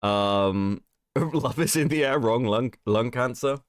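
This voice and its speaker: A man's voice: mid-range voice, takes it slowly, no echo, studio quality. A man hosting a casual livestream while sick, reading chat aloud, swearing and laughing often. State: sick, rough voice. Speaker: streamer host.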